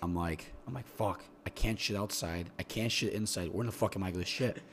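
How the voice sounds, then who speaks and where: A man's voice: sits low, brisk, a bit bright, slight background noise. A young man telling a long, rambling, profane story in casual podcast chat, often repeating words as he gets going. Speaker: podcast guest.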